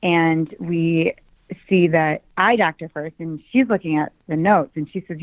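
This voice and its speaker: A woman guest telling a personal story on a podcast, lively and excited as she recounts it. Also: low voice, measured pace, no echo. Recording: dry tinny phone-like sound.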